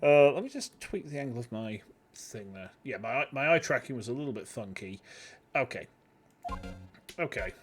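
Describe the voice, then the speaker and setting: English male streamer, 30s, chatty and rambling, lively pitch. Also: normal speed, pauses often, soft background music. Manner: rambling, chatty, self-deprecating. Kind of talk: casual gameplay commentary.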